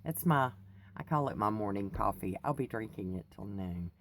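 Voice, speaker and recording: A woman's voice: a bass voice, lively intonation, normal speed. A woman from the United States, chatting casually and rambling to her viewers in a vlog, laughing often. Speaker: vlogger. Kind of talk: casual chat to camera.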